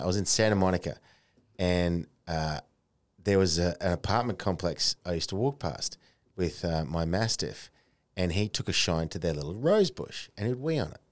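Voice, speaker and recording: An Australian man hosting a podcast, telling stories in a casual, animated way with plenty of colourful slang. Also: low-pitched. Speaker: podcast host. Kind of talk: casual chat.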